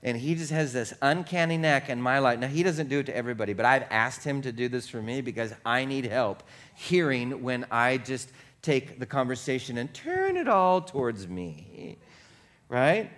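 A man delivers a sermon from the pulpit in a loose, chatty way. He teases himself, leans into playful repetition and laughs along with the room. His voice sits at an ordinary middle pitch. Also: expressive, normal speed, fairly bright tone. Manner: conversational and self-deprecating, with playful repetition and laughter. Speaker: pastor. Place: church sanctuary.

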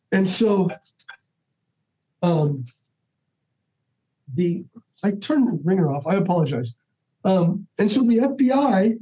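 A middle-aged man tells his stories on a podcast with a high, mellow voice. He acts out each exchange with restarts and asides, and the audio is dull and lo-fi. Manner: animated, acts out dialogue with restarts. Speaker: podcast guest. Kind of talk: casual storytelling.

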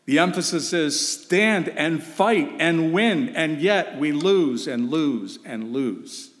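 A man preaching with urgent emphasis, throwing rhetorical questions at the congregation. His voice sits a little high for a man and rings out with a long hall reverb. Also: lively intonation, takes it slowly, a bit bright. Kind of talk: sermon.

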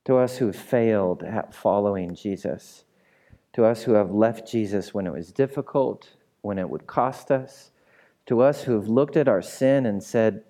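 A man preaching a sermon who urges the congregation to respond and swings from loud, dramatic lines to hushed ones. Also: mid-range voice, a little slow. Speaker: pastor.

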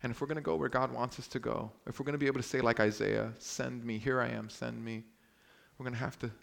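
A young adult man from Brooklyn preaching a sermon, telling stories with dramatic swings between loud exclamations and hushed, quiet lines. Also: medium pitch, steady tone, quick pace, gravelly.

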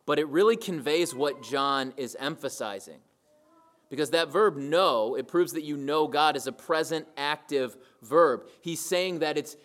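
A man's voice: fairly high pitch, fairly bright tone. A man preaching a sermon to his church, emphatic and repeating key phrases for weight. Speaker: pastor.

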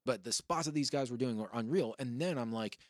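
A man hosting a podcast in casual chat, telling rambling, profane stories with bursts of excitement. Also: mid-range voice, fairly quick, no echo, studio quality. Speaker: podcast host.

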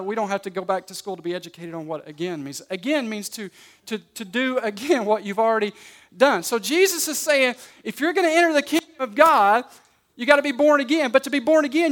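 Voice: medium pitch, a little fast, fairly bright tone. A pastor preaching a sermon in a conversational way, often restarting and repeating words and leaning on key words.

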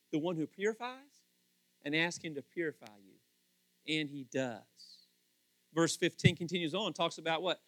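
A male pastor preaches with a high, bright voice and a playful, animated delivery, acting out the people he quotes. The recording is dry and close, with no room echo. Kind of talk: sermon.

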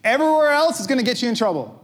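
High-voiced man preaching a sermon. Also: big pitch swings, racing, a bit bright. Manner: conversational, joking preaching with rhetorical questions. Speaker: pastor.

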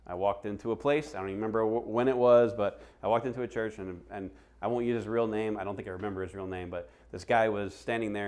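A middle-aged man preaching a sermon, telling stories and acting out the voices of people he quotes. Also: fairly low pitch. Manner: animated storytelling, acts out quoted voices. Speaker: pastor.

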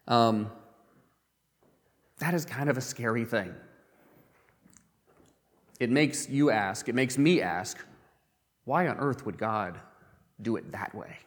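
A man preaching a sermon in a conversational way, often pausing with um and uh and repeating words as he goes. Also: medium pitch, animated, in a large hall. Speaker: pastor.

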